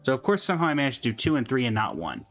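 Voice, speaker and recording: A man livestreaming a game, talking in a relaxed, chatty way to his viewers. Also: medium pitch, rapid-fire, soft background music. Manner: relaxed, chatty, talks to chat. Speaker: streamer. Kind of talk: casual game livestream chat.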